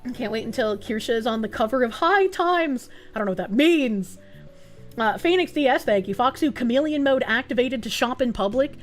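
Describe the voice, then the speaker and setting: Loud, sweary woman streamer with a Boston accent; high, very animated voice, faint music bed. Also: a little fast. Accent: Boston area. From New England. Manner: loud, swearing, bursts into high laughing shrieks. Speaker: streamer reading chat. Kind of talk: casual stream chat.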